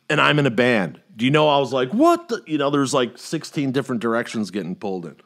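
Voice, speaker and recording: A middle-aged podcast host tells a long story in a casual chat, animated and freely swearing as he acts out other people's lines. His mid-range voice has vocal fry and moves fairly quickly.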